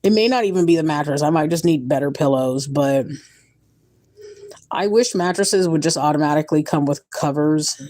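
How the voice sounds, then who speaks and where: A young woman vlogging casually at home, rambling and candid, tired, her voice climbing higher when she gets emotional. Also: normal speed, dark tone. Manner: rambling, emotional, candid, swings to a high pitch when moved. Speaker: mother vlogging her day. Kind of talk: casual vlog chat.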